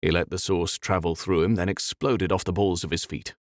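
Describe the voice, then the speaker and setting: Deep-voiced male audiobook narrator, dry studio. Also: a little fast, no room sound. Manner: expressive, dramatic reading. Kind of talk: scripted fantasy narration.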